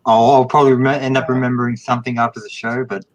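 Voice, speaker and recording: A man hosting a casual live stream from a shared room at home, halting with many "uh" and "um". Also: mid-range voice, flat delivery, a crowd in the background, poor audio. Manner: halting, full of "uh" and "um". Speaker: show host.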